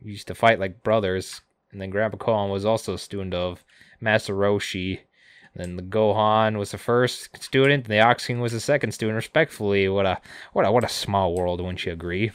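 A man casually recapping cartoon episodes on a podcast, tossing in quick put-on quotes of the characters. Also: lowish voice, clean tone, no echo. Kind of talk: casual chat.

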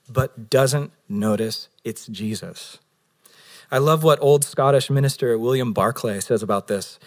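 In San Diego, a male pastor delivers an earnest Sunday sermon. His voice rises for emphasis and drops low and slow on key words.

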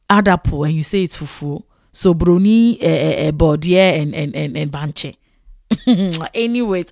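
A woman from Ghana with a Ghanaian English accent, telling animated, exclamatory stories to the camera and acting out her own past reactions. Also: medium pitch, no echo, clean studio sound. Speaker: vlogger. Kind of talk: casual storytelling to camera.

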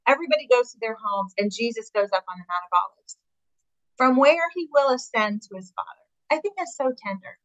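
A woman's voice: on the high side, animated, brisk, no room sound, dull audio. A woman teaching a Bible study, reading scripture aloud and adding her own enthusiastic comments, with some fillers and restarts.

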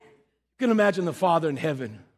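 A man preaching a sermon as pastor, animated and teasing, with shouted peaks and asides to the congregation. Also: fairly high pitch, brisk. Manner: humorous, teasing. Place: church sanctuary. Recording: long hall reverb in a church.

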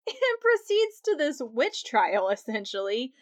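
A young woman hosting a podcast, recapping a TV episode in a casual, chatty way, laughing often and acting out quotes in a higher voice. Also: big pitch swings, slow pace, no echo. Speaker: podcast host.

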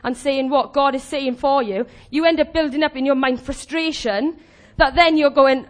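A woman preaching a sermon in a chatty, animated way, laughing often and acting out the voices of the people she quotes. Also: high-pitched, moderate pace, hardly any pauses.

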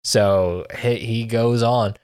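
A young man co-hosting a podcast, recapping and judging an anime in animated, swearing casual talk. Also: mid-range voice, slow pace, smooth, dry recording, studio quality. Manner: animated storytelling, swears, laughs often.

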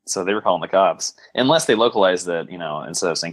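A man with a very low voice co-hosts a podcast in a loose, rambling way. His remarks come out wry and dry, and he fills his sentences with hedges and fillers. The sound is close and dry, with no room around it. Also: lively intonation, quick pace, no echo, low-quality recording. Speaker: podcast co-host. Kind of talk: casual film-discussion chat.

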